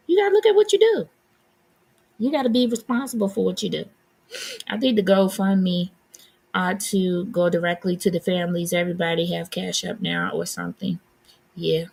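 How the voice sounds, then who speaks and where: A woman's voice: lowish voice, gravelly, breathy edge. A woman hosting a live stream, giving blunt, sassy commentary and answering her chat. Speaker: livestream host.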